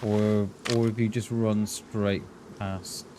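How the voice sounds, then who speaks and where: Chatty streamer with a light Mid Welsh accent. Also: male voice, lowish voice, flat delivery, slow pace, background noise. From Mid Wales. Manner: chatty, musing, answers chat with "mate". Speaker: live streamer. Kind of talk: casual gaming commentary.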